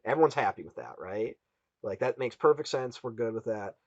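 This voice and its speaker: A man's voice: lowish voice, moderate pace, dry recording. A man hosting a casual film podcast, telling the story with energy and briefly acting out the people he quotes. The recording is dry, with a slightly dull tone. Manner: animated retelling, acts out quoted voices. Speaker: podcast host.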